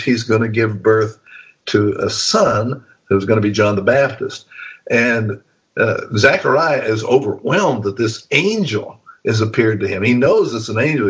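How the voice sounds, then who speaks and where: Older male preacher, relaxed anecdotal storyteller, husky, muffled recording. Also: on the low side. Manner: relaxed storytelling, chuckling often. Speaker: guest preacher. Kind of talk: conversational interview. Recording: dull lo-fi recording.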